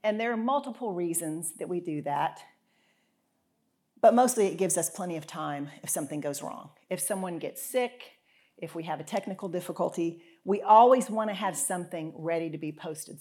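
A woman giving a casual, folksy devotional talk as a podcast host, often clearing her throat. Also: lowish voice, a little fast, a little mellow. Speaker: podcast host and Bible teacher.

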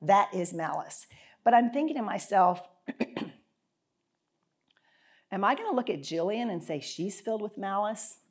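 A woman giving a casual, folksy devotional talk as a podcast host, often clearing her throat. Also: medium pitch, animated, unhurried, long pauses. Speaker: podcast host and Bible teacher.

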